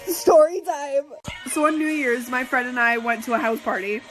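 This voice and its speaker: Young woman, very high voice, amused storyteller, faint music. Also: moderate pace, fairly bright tone. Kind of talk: casual storytime video.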